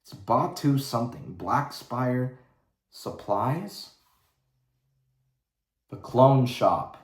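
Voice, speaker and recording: A man's voice: mid-range voice, expressive, drawn-out words. A man giving a casual livestream rant in a blunt, profane, rambling way. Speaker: vlogger. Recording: roomy echo.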